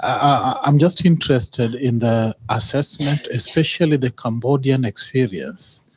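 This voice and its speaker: A man's voice: medium pitch, a little slow, husky, no room sound. A man in the audience politely asking the panel a question. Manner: polite, inquiring. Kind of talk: question from the floor.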